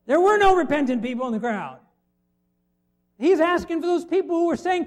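A man's voice: extremely high pitch, lively intonation, a little fast, long pauses. A middle-aged man preaching a sermon, conversational and full of rhetorical questions to the congregation. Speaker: pastor.

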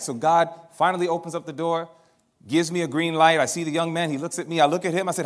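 A male preacher delivers a sermon through animated storytelling, swinging his voice widely between loud, rising peaks and quiet, low lines. His voice sits a little high for a man. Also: fairly quick. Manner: animated storytelling, acting out dialogue. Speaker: minister.

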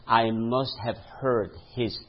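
Male pastor preaching, husky voice, kinda muffled lo-fi recording, animated and laughing a lot. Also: mid-range voice, slow. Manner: animated, laughs at own stories, asks congregation for response. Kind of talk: sermon with storytelling. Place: church.

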